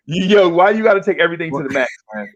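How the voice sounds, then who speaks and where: A man in his 50s races through his words in a fairly high voice on a muffled recording. As host of a casual podcast, he tells stories animatedly, leaning on slang and imitating voices.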